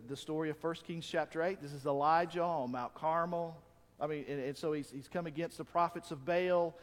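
A man preaching a sermon as pastor, animated and acting out quoted voices. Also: a little high. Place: church sanctuary. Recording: long reverb of a church hall.

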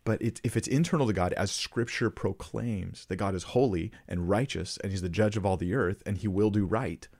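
Low-voiced man giving earnest commentary. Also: a little mellow. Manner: earnest, rhetorical questions, quick restarts. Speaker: Christian commentator. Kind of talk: casual commentary on played clips.

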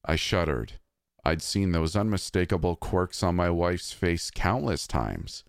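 A man reading a scripted horror story in a measured, somber way. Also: low-pitched, big pitch swings, creaky, no echo, studio quality.

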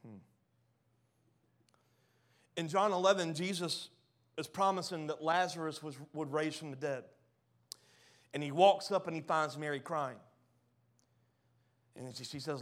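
A man with a high-set voice preaches with fervor, swinging between loud, emphatic bursts and quiet, low asides. He often stumbles and repeats words as he pushes his point. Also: measured pace, pauses often. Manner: passionate, builds to loud emphatic peaks then drops low and soft. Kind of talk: sermon.

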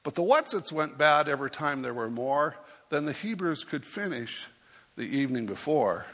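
A man's voice: fairly high pitch, lively intonation, moderate pace, a bit bright, in a large hall. A man preaching as a pastor, reading a rhyming story aloud in a playful way and putting on voices for the characters.

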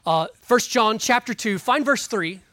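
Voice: medium pitch, lively intonation, a little slow, no room sound. Earnest preacher with dry close sound. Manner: earnest, emphatic, shifts between loud stresses and quiet asides; guides listeners through Bible passages. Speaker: pastor. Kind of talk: sermon with scripture reading.

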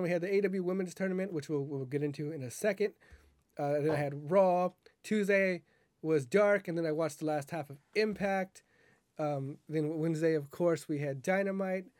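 A man's voice: a little high, a little mellow, no echo, clean studio sound. A man co-hosting a casual podcast chat, rambling and correcting himself as he talks. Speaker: podcast co-host.

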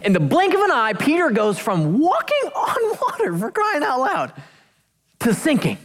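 Woman preacher, lively pitch swings, emphatic sermon delivery with playful asides. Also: in a large hall. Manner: animated, emphatic, jokey asides, slows for key phrases.

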